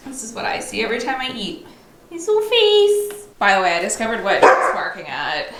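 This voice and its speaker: A woman's voice: a little high, animated, a little fast, a bit bright, slight background noise. A young woman vlogging at home, chatting casually to the camera with lots of "like" and asides to her dog. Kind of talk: casual vlog chat to camera. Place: at home indoors.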